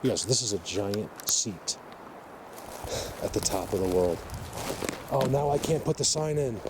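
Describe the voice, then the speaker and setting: A man filming an outdoor vlog, talking excitedly in a rambling way, stumbling over and repeating his words into a handheld camera mic. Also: fairly low pitch, unhurried. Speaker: outdoor vlogger. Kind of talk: walking vlog commentary. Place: outdoors in wild country. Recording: outdoor noise behind.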